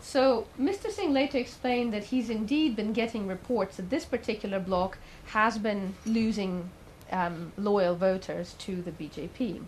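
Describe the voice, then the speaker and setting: A woman's voice: medium pitch, measured pace, hardly any pauses, a little hiss or hum, low-quality recording. A woman giving a talk, telling a story in a conversational way with the odd filler and questions to the audience. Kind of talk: storytelling lecture.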